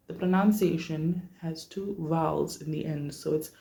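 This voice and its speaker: Slow vocal coach running a workshop, echoey room. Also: creaky, dark tone, lo-fi sound. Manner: checks in often, demonstrates vowels at high pitch.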